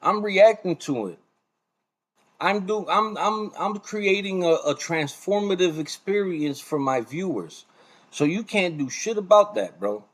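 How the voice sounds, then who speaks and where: A man's voice: sits high, animated, measured pace, fairly bright tone. A man streaming a reaction video, ranting and confronting another streamer in a heated, profane way. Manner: confrontational, profane, calls the other man son.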